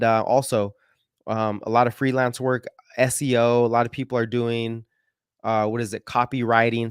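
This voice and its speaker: A man's voice: on the low side, smooth, dry recording, clean studio sound. A man hosting casual market commentary, rambling and correcting himself as he goes through stock charts with slangy asides. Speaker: market analysis host.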